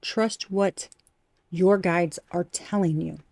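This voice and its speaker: A woman's voice: lowish voice, steady tone, slow, creaky, a little mellow, no echo. A woman giving a casual collective tarot reading, blunt and profane, repeating her points for emphasis. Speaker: tarot reader.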